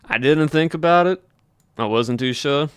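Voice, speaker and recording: Man, Southern US accent, casual stream chatter, thinking aloud, smooth resonant tone. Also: fairly high pitch, normal speed, no echo. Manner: chatty, thinking aloud while polling chat. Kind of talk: casual livestream chat with viewers.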